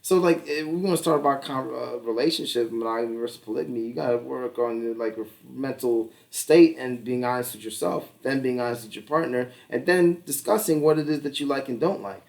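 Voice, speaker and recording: A man's voice: medium pitch, a little fast, creaky, few pauses, a little mellow, far from the mic. A man in his thirties co-hosting a casual podcast chat, rambling and swearing, laughing often and acting out little exchanges. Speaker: podcast co-host.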